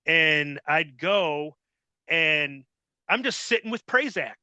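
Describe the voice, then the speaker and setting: Male host, bright forceful voice, blunt and cursing a lot, dry close sound. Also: on the high side, lively intonation, takes it slowly, no echo. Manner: blunt and heavily profane. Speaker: podcast host. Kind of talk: casual interview storytelling.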